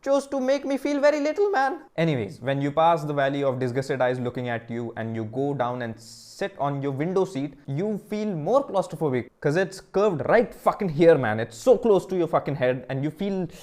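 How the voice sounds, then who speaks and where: A man's voice: a little high, moderate pace, few pauses. A young man doing crude stand-up comedy alone in his room into a camera. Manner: crude, deadpan-to-excited comic delivery. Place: own room. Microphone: camera mic.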